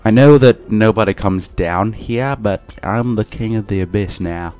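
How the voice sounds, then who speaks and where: Young male let's-player, unhurried delivery, low voice, teasing asides to enemies, faint music underneath. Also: darkish tone. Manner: playful, talks to game enemies in a teasing voice. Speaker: gaming channel host. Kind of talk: casual let's play commentary.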